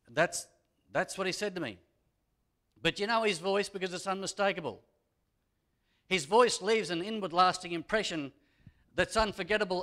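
A man preaching from the pulpit in a fairly high voice. He is a pastor who repeats his key lines and lets his delivery swell for emphasis. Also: sharp tone. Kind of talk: sermon. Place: church.

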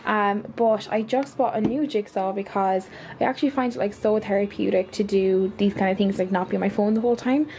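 A young Irish woman in her twenties vlogging in a chatty, gushing way, full of fillers and excited exclamations. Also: mid-range voice, brisk, slight background noise. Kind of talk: casual vlog chat.

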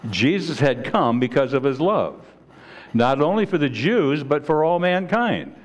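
A man preaching a sermon as pastor in a church, earnest and halting, often restarting and repeating words. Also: on the high side, very animated. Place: church sanctuary.

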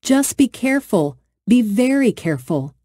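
A woman's voice: on the high side, sing-song, warm tone, dry recording, clean studio sound, voice pushed up. A woman voicing a young girl, the older sister, who coaxes and hurries in a storybook reading. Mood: coaxing. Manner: coaxing, hurried.

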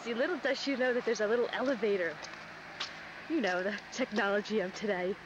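A woman's voice: medium pitch, fairly quick, lo-fi sound, background noise. A woman filming a home movie outdoors in a town, giggly and teasing, on the camcorder's own mic in 1989. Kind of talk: casual home video chat. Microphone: built-in camcorder mic.

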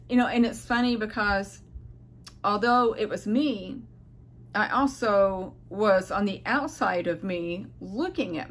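Tired, rambling middle-aged woman vlogger. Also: medium pitch. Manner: rambling, hesitant, searching for words; earnest, heartfelt address to viewers. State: tired and unwell. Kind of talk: casual personal vlog monologue.

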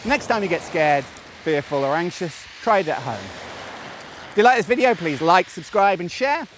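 A man's voice: sits high, normal speed, a little hiss or hum. A man speaking straight to camera as a self-help coach, talking through phobias and now and then putting on silly voices in play. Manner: animated, playfully acts out silly voices. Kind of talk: direct-to-camera advice video.

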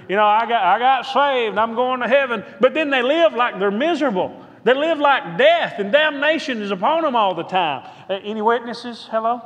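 A man's voice: very high voice, a bit bright, long reverb tail. A man who is a pastor, preaching a sermon with rhythmic repetition and calling out to the congregation for a response. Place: church sanctuary.

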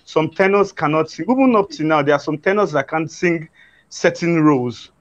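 Halting man, muffled lo-fi sound. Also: on the high side, expressive. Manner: halting, many restarts and fillers. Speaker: guest opera singer. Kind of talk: conversational interview answers.

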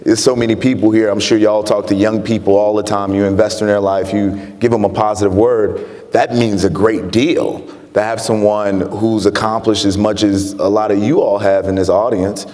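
Speaking at normal speed with a flat delivery, this man has a lowish, slightly mellow voice. He's a Chicago guest author in an onstage interview, earnestly recounting his story for an audience and laughing frequently, and the lecture hall adds a long, hall-like reverb.

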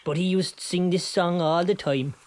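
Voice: mid-range voice, fairly even intonation, moderate pace, close to an everyday voice. A performer voicing a boastful fisherman who rambles through tall tales. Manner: rambling yarn-spinning, bursts into song. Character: boastful Kerry fisherman, tall-tale teller.

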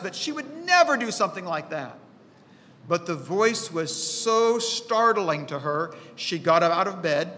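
A man preaches a sermon in a high, bright voice and a slow, measured pace. He tells stories and lifts his pitch to act out the voices in them. The recording carries a long reverb from the church auditorium. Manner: storytelling, acts out quoted voices with rising pitch. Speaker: pastor.

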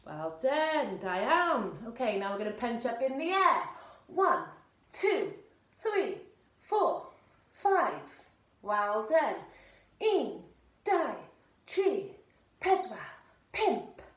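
A woman, an encouraging fitness instructor who leads a seated warm-up with cheery whoops. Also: a little high, very animated, very slow, long pauses. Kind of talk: leading a seated exercise warm-up. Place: indoor room, seated on a chair. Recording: echoey room.

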